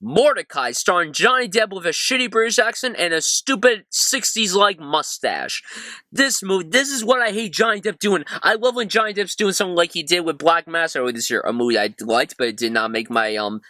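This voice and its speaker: A man's voice: high voice, lively intonation, brisk, bright, forceful tone, dry recording. A man hosting a casual movie-review vlog, talking sarcastically and animatedly, with swearing, while squeezed into a cramped storage closet. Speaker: film reviewer, channel host.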